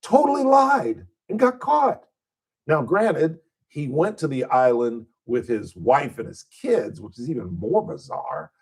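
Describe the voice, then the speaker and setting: A male radio talk show host chatting casually, telling a joke and letting his voice climb high on the punchlines. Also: measured pace, vocal fry, husky. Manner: animated storyteller, voice jumps high on punchlines.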